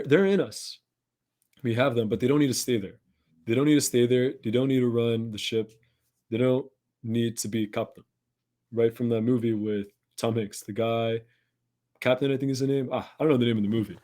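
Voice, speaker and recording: A man's voice: mid-range voice, moderate pace, pauses often, warm tone. Man, podcast host, motivational monologue, earnest, encouraging, mid-range voice. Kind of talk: motivational self-help monologue.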